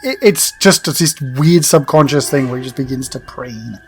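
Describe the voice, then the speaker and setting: A man playing in a tabletop game, giving lively asides about his character. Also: medium pitch, moderate pace, faint music behind. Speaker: player.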